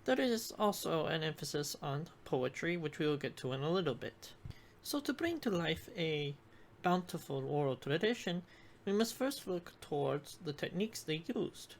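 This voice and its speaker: A narrator with a gravelly, fry-edged voice at a middling pitch works through a lesson in a steady, explanatory way. Each example is spelled out carefully, and a faint hiss sits under the voice. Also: moderate pace. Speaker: video lecturer. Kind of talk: scripted educational narration.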